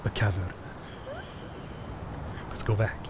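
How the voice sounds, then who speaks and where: Man streamer, joking let's-play commentary, mid pitch, faint background hum. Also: unhurried, darkish tone. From Quebec. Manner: joking, reads game text aloud in dramatic voice. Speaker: gaming streamer.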